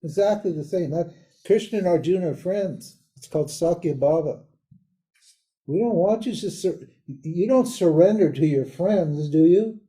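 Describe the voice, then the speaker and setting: An older man giving a live lecture on a spiritual text in a casual, animated way, laughing often and mimicking other people. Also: a little high, moderate pace. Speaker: Vedanta teacher.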